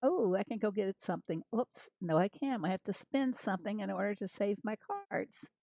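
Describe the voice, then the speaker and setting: A woman's voice: mid-range voice, normal speed, gravelly, dark tone, dry recording. An American woman chatting casually with viewers as she streams a farming game, greeting them by name and laughing often. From United States. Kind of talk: casual livestream chat.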